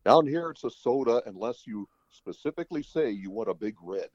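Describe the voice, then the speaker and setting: A man who works as a radio newsman, a guest in a casual interview, telling anecdotes in an expressive way. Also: mid-range voice, brisk, no echo, dull audio.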